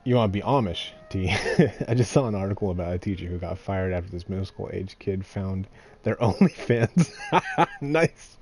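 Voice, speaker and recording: A man in his thirties talks loosely while streaming a game, circling his point with fillers and restarts and dropping swear words. His voice sits fairly low but swings up and down with lots of life, and he breaks into frequent chuckles. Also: animated, moderate pace, a little mellow, slight background noise. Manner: rambling, full of fillers and restarts, swears freely; chuckles often. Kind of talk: casual live-stream chat.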